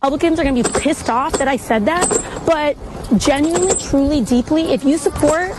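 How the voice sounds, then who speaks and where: A woman's voice: sits high, fairly quick, noisy background. A woman talking earnestly into earbuds while riding a scooter or bike outdoors, in a played clip.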